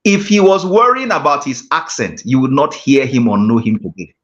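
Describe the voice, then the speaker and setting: A man's voice: medium pitch, animated, normal speed, fairly bright tone. A man, a guest mentor giving a motivational class talk with emphatic, repeated phrases. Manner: emphatic, preacher-like repetition. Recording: dull lo-fi call audio.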